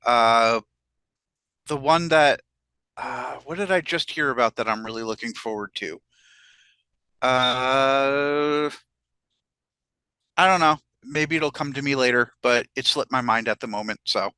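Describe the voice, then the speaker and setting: A man's voice: mid-range voice, a little slow, long pauses, sharp tone, clear, resonant tone, no echo. A man co-hosting a podcast in casual chat, hesitant and often stumbling over how he starts a sentence. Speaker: podcast co-host.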